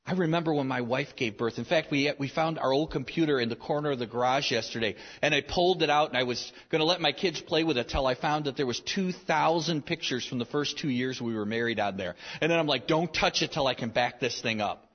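A man's voice: mid-range voice, fast talker, few pauses. A man in his thirties preaching a sermon as pastor, earnest and repeating phrases for emphasis. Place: large church sanctuary. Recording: reverberant hall, dull lo-fi sound.

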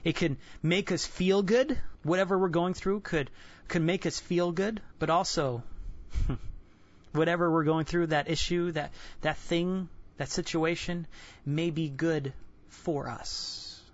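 A man in his twenties giving an earnest, candid personal devotional sermon, halting and restarting often. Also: a little high, fairly even intonation. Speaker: Christian devotional speaker. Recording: dull lo-fi dry recording.

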